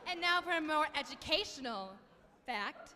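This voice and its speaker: A young woman emceeing a college a cappella concert, reciting facts in mock-serious deadpan. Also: high voice, moderate pace, in a large hall, slight background noise. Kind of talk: comic scripted stage banter. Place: concert hall with a live audience.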